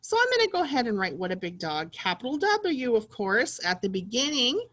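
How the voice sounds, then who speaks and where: A woman teacher leading a slow, clearly spoken early reading lesson for young children, with exaggerated excited reading of practice sentences. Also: on the high side.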